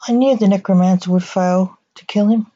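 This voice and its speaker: A woman voicing a brisk, approving male ally, on a dull lo-fi recording. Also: mid-range voice, steady tone, dark tone, no room sound, close to an everyday voice.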